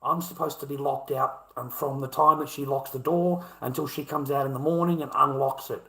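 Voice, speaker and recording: A man's voice: medium pitch, fairly even intonation, brisk, gravelly, few pauses, fairly bright tone, reverberant, poor audio. A man telling a rambling personal story, full of slang and calling the listener mate and bro. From Australia.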